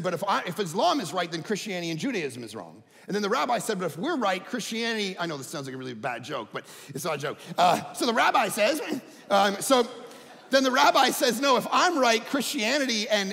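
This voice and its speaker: A middle-aged man, a pastor preaching a sermon, animated and emphatic, dropping to quiet asides. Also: vocal fry. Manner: animated, swings from loud emphatic highs to low quiet asides. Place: large church hall. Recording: long hall reverb.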